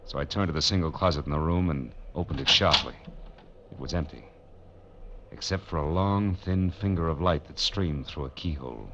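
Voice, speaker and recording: A man's voice: extremely low pitch, normal speed, noisy background. A man playing a hard-boiled, wry private eye in a vintage radio drama, narrating and talking in a dry, wisecracking way. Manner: dry, wisecracking, soothing to others. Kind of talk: 1940s radio drama acting with first-person narration. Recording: lo-fi vintage radio broadcast with music.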